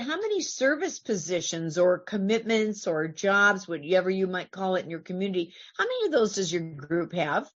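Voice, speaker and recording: A woman's voice: mid-range voice, highs cut off. A woman from California giving an earnest, conversational talk to a recovery meeting, asking her listeners questions as she goes.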